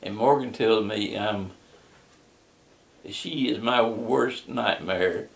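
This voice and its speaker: Older man, gravelly and folksy. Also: fairly low pitch. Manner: folksy, unhurried storytelling. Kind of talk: casual interview. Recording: echoey room.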